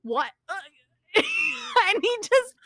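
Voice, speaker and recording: A woman's voice: high voice, lively intonation, measured pace, bright, forceful tone, dry recording. A young woman, co-hosting a podcast and telling a rambling, giggly story with frequent laughs. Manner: rambling and giggly, laughs often mid-sentence. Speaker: podcast co-host. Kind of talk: casual storytelling chat.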